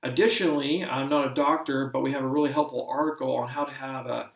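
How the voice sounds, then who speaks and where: Guy explaining stuff like a teacher, steady and measured, mic kinda far off in a roomy space. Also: medium pitch, gravelly. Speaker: instructor. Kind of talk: explanatory lecture. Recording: roomy sound from a distant mic.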